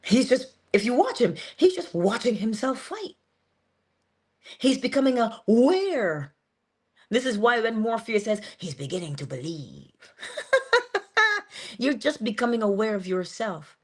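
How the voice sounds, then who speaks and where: A woman's voice: on the high side, lively intonation, a little slow, darkish tone. A woman giving an earnest but casual inspirational monologue as a motivational speaker, talking conversationally with sudden emphasis.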